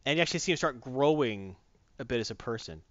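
A man's voice: mid-range voice, lively intonation, quick pace, no room sound. A man casually reviewing a comic book, retelling it in a rambling, enthusiastic way, in a dull lo-fi recording.

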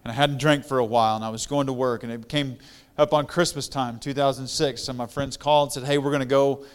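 A middle-aged man, a guest pastor, telling his own story in a conversational sermon and growing louder and more fervent as he preaches. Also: mid-range voice, steady tone, fast talker, clean tone.

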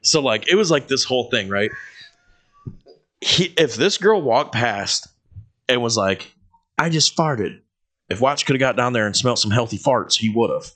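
An unhurried podcast co-host with a mid-range voice leaves long pauses as he tells off-color work stories. Even so, his delivery is animated and profane, with frequent laughs and quotes he plays out.

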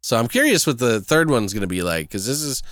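A man chatting on a podcast, his pitch bouncing around a lot as he rambles and swears. He laughs often. The recording is dry and close. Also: sing-song, fast, fairly bright tone, no echo. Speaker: podcast co-host. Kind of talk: casual chat.

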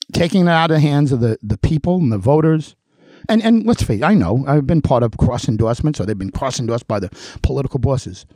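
A man's voice: a little high, a little mellow, no echo, studio quality. A man hosting a political talk show, delivering a heated monologue full of rhetorical questions and challenges to an absent official. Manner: emphatic, repetitive rhetorical questions. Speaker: show host.

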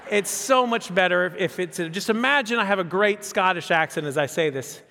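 A man in his fifties preaching a sermon as a pastor, animated, repeating phrases and asking rhetorical questions. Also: high-pitched, fairly quick, vocal fry, slight background noise. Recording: long hall reverb.

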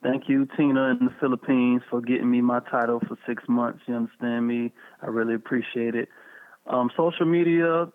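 A man's voice: medium pitch, fairly even intonation, normal speed. A man co-hosting a casual podcast, joking in a slangy way. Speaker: podcast co-host. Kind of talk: casual banter. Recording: tinny phone line.

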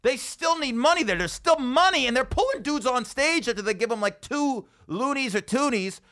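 Male comedian host from Vegas, high bright voice, animated storyteller with a ranting streak. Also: normal speed. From Las Vegas, USA. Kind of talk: casual podcast chat.

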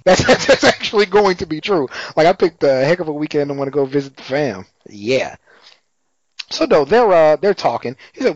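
A man in casual chat, recapping a TV episode and slipping into quick character voices. His pitch leaps around as he tells it, and the dry, slightly dull recording has no room sound. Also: very animated, dry recording. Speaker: podcast co-host recapping a TV episode.

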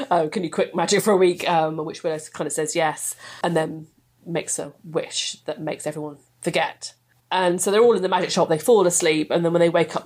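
Woman, guest, enthusiastic, laughs a lot, lowish pitch. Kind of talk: casual chat.

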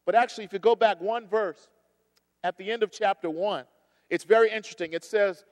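A man preaching a sermon as pastor, moving between loud emphasis and hushed storytelling. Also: high-pitched, a little fast, in a large hall. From United States. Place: church sanctuary.

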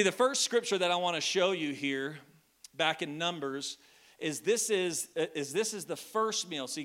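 A man's voice: a little high, a bit bright. A man in his thirties preaching a sermon to a church, talking casually and joking with the congregation. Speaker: pastor. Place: church hall.

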